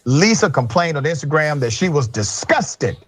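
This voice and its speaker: A man's voice: on the high side, big pitch swings, normal speed, husky. A man giving emphatic news commentary.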